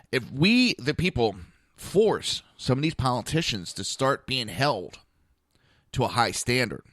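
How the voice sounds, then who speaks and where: A man's voice: fairly low pitch, bright, forceful tone, dry recording, clean studio sound. A man hosting a podcast, delivering a blunt, profane political monologue full of rhetorical questions. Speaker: podcast host. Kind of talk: opinionated political commentary monologue.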